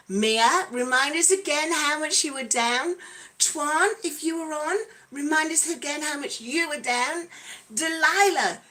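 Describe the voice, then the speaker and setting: A woman with a fairly high voice hosts a casual livestream. She is chatty and bubbly, warmly calling out viewers by name. Her tone stays playful and loose throughout. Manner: playful, breaks into song. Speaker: livestream host.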